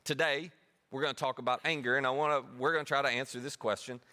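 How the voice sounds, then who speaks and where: A man's voice: medium pitch, fairly even intonation, quick pace, pushed and bright. A man preaching a sermon as pastor, talking conversationally and poking fun at himself. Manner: conversational, self-deprecating.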